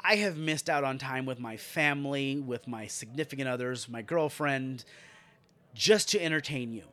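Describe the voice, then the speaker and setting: A man's voice: medium pitch, moderate pace, fairly bright tone. A young man ranting and recapping wrestling matches in a casual, profane, sarcastic way. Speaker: wrestling show reviewer.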